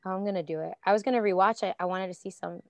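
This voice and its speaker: A woman's voice: mid-range voice, fast talker, no room sound. A woman guest on a podcast chatting casually, telling stories with lots of laughter and acting out what people said. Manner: giggly, animated storyteller acting out quotes. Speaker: guest, professional wrestler.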